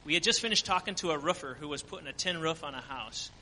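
A man's voice: a little high, expressive, fast talker, sharp tone, big-room sound, slight background noise, low-quality recording. A man giving an earnest church testimony about a mission trip, full of fillers. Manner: earnest storytelling with frequent fillers. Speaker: mission trip team member.

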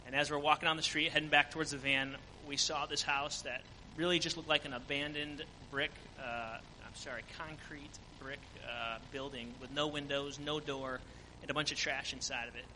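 A man's voice: a little high, fairly even intonation, normal speed, pushed and bright, in a large hall, slight background noise, poor audio. A man giving an earnest church testimony about a mission trip, full of fillers. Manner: earnest storytelling with frequent fillers. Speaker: mission trip team member.

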